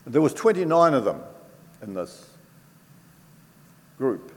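An older man giving a personal faith testimony to an audience, telling it earnestly and from the heart, with pauses and restarts. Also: mid-range voice, big pitch swings. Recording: reverberant hall with faint background noise.

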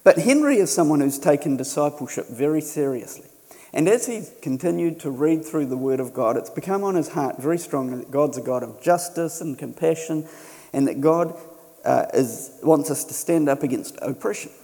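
A middle-aged man from New Zealand giving a sermon in a relaxed, storytelling way, with touches of self-deprecating humour. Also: fairly high pitch, moderate pace. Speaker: missionary preacher. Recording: long church reverb.

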